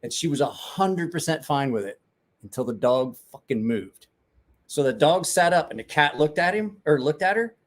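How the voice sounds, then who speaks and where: Man, livestream host, loose and jokey, swears a lot, animated pitch. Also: moderate pace. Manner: rambling, joking, swears often. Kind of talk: casual livestream chat with viewers.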